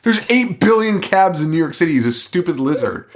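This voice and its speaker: A man's voice: high voice, sing-song, fairly quick. A man hosting a podcast in casual chat, swearing a lot and laughing often as he rants. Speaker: podcast host.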